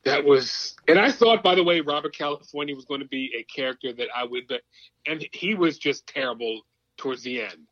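Male podcast co-host; excitable and laughing, a bit high; dull lo-fi sound. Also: a little fast. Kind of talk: casual sports talk banter. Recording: dull lo-fi mic.

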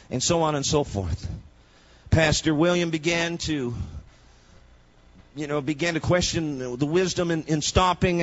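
A man preaching a sermon, moving between quiet storytelling and loud shouted proclamation. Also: on the high side, no room sound, highs cut off.

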